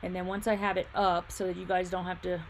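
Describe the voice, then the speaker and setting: A woman's voice: lowish voice, flat delivery, quick pace, slight background noise. A woman hosting a casual livestream, chatting and thinking aloud as she reads viewer comments, laughing easily and humming while she fiddles with her screen. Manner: laughs easily, hums filler sounds. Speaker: livestream host and quilt shop owner.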